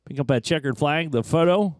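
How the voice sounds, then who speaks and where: A male race announcer calling the action in quick, excited bursts, his voice sitting a little high. The sound is close and dry, with no room around it. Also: dry recording. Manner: fast, excited race calling with track jargon. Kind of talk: play-by-play commentary.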